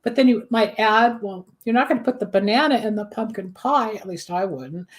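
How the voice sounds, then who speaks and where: A woman with an animated, mid-range voice speaks at a normal speed as host of a casual talk show. She practices candle magic and chats along, explaining things through everyday kitchen examples.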